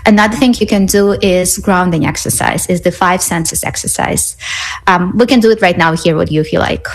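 A woman's voice: lowish voice, a little fast, rough recording. A woman guest expert on a radio talk show, explaining things patiently with many "um"s and "right?"s. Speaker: psychologist guest.

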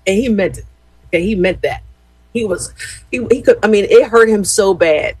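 A woman's voice: mid-range voice, animated, normal speed, husky, no room sound, low-quality recording. A woman in her fifties telling a rambling family story to her viewers, chatty, with lots of fillers and "y'all". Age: 50s. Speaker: former gospel radio host.

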